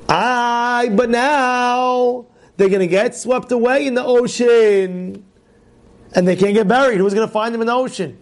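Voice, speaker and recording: A man, a rabbi, giving an animated sermon on the weekly portion, asking rhetorical questions and acting out voices of complaining people. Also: unhurried. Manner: animated storytelling, acts out complaining voices in loud high shouts; repetitive, rhetorical questions to the listeners.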